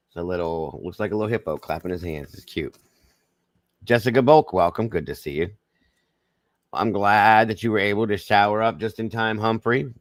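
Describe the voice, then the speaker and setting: A man with a Southern American drawl hosts a casual livestream and greets his chat by name in a folksy, easygoing way. His voice sits low, and the sound is dry and close to the mic with no room echo. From Southern United States. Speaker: livestream host.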